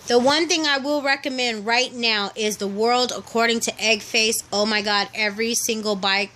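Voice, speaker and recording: Bright, high-voiced chatty woman vlogger. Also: moderate pace. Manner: chatty, animated storytelling, acts out quoted people. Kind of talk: casual chat to camera.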